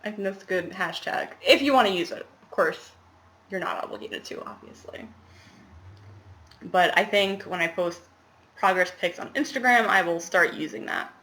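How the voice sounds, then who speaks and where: A woman's voice: medium pitch, moderate pace, sharp tone. A young woman chatting casually to camera about her cross-stitch, rambling with laughing asides, recorded at home in a small apartment.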